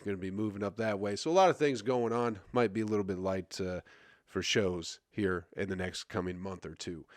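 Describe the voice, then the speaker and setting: On his own podcast, a lower-voiced male comedian from the US rambles in a crude, self-mocking way, stumbling and using lots of fillers. The audio is studio quality with no echo.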